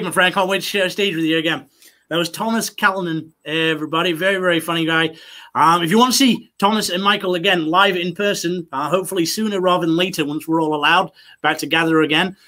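Fast, bright Canadian comedy host. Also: male voice, sits high. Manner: upbeat, fast thank-yous and plugs. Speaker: comedy festival director and host. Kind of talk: hosting a streamed comedy show.

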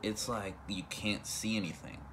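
A man's voice: lowish voice, normal speed, over music. A young man telling a casual storytime vlog, rambling with many fillers and restarts. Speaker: vlogger.

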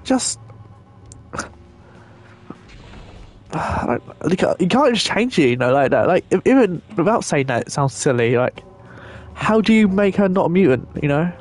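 A man's voice: high voice, big pitch swings, moderate pace. Rambling young man over game music. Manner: rambling, chatty, swears casually. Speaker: gaming channel host. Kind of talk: casual gameplay commentary.

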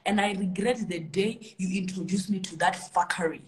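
A woman's voice: mid-range voice, normal speed. A woman ranting angrily and emphatically in a heated casual chat. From South Africa.

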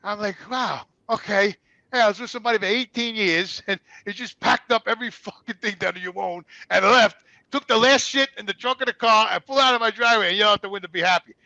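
Gravelly fast-talking New man. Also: high-pitched, sharp tone, no echo, highs cut off. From New York. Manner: rambling, repeats words, swears freely. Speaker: guest. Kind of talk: candid conversational storytelling.

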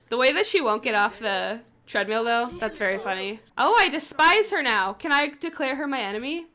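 A young woman casually commenting on her own gameplay, playful and excitable, often chanting commands over and over. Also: fairly high pitch, moderate pace, few pauses. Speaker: gaming video host.

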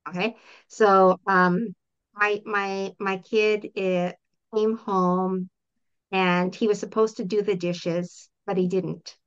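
A woman's voice: mid-range voice, flat delivery, slow pace, clean tone. A middle-aged woman, a parent coach, giving earnest, explanatory answers in an interview and acting out example talks with a child. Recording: dull lo-fi audio.

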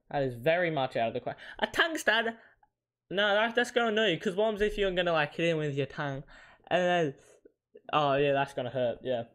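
A man's voice: a little high, a bit bright. A young man giving casual commentary while playing a football video game, often frustrated and yelping at missed shots. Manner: frustrated, yelps and groans at misses. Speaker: gamer.

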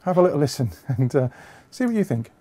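A man hosting a casual web show, talking in a relaxed and chatty way. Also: a little high, fast. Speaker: host.

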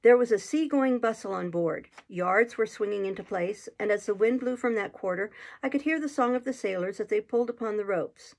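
A woman reading an old adventure novel aloud at a middle pitch. Her telling is steady and measured, with the sentences laid out evenly for the listener. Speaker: reader.

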